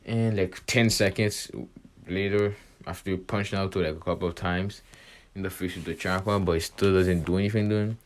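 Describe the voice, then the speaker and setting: Low-voiced young man rambling a fan story. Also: fairly even intonation, a little fast. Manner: rambling, full of fillers and self-corrections.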